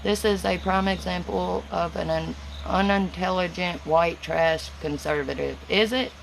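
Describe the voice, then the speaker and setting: A woman's voice: on the low side, a little slow, creaky, slight background noise, low-quality recording. A woman with a Southern US accent, answering viewers' comments on a phone live stream in a casual, chatty way. Her words run together and she stutters a little. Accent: Southern US, Tennessee. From Southern United States.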